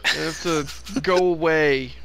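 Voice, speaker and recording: A man's voice: a little high, steady tone, slow pace, gravelly, a bit bright. A man chatting casually on a gaming stream, teasing playfully. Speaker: stream co-host. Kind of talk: casual chat while gaming.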